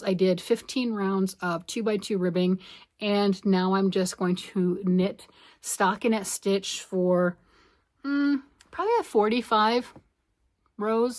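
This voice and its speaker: A middle-aged woman chatting casually to camera about her crafts from her home, bubbly and self-deprecating. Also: mid-range voice. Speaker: crafting vlogger.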